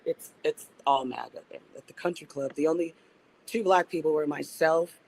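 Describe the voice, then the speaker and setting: A woman's voice: sits low, moderate pace, vocal fry, a little mellow, a little hiss or hum, rough recording. A woman guest on a podcast, an organizer and activist, talking reflectively and restarting her sentences as she thinks. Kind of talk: casual interview conversation.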